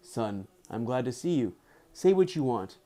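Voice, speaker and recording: A kindly, calm saint with a gentle, measured delivery and a soft, mellow tone, as a man reading aloud puts him on. The voice sits a little lower than the reader's own. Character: plump bearded male saint, calm and kindly.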